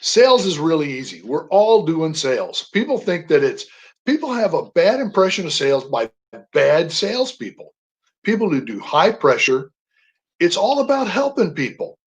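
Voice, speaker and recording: An older man, a guest on a radio interview, telling personal stories with animated emphasis on single words. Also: a little high, moderate pace, low-quality recording. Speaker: guest, veteran.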